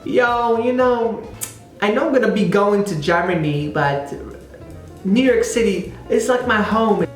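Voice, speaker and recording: A man's voice: high voice, measured pace, echoey room, soft background music, pitched above the performer's own voice. A man mimicking an exasperated young woman, with a raised, complaining delivery. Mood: wistful.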